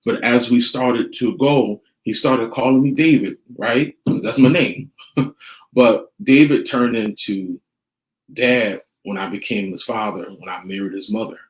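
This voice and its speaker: Middle-aged man, earnest advice vlogger, mid-pitched voice, echoey room. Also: unhurried. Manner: earnest, repeats key points, retells scenes with quoted dialogue. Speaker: vlogger giving family advice. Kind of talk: casual monologue to camera. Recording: roomy echo.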